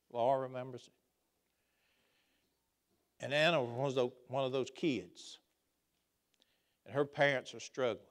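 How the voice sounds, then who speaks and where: A man preaching a sermon in a church, swinging between loud emphatic outbursts and quiet asides. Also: medium pitch. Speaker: pastor. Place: church sanctuary.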